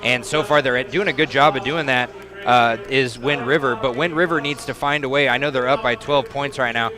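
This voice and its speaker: A man doing casual halftime commentary at a high school basketball game, chatty and easygoing with frequent pauses. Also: fairly even intonation. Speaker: play-by-play announcer. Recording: noisy gym crowd behind. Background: crowd chatter.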